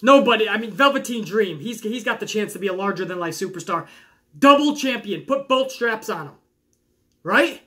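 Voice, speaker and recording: A young man talks in a high, bright voice, hosting a loose, chatty podcast. He reads listener questions aloud and answers them with lively enthusiasm, sometimes trailing off and doubling back. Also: moderate pace. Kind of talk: casual chat.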